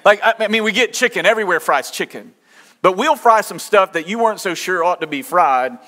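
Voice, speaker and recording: A man's voice: high-pitched, lively intonation, fairly quick, bright, forceful tone. Southern man, pastor, jokey sermon opening, long church reverb. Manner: folksy, jokey, asks the congregation questions. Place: church sanctuary. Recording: echoey church hall.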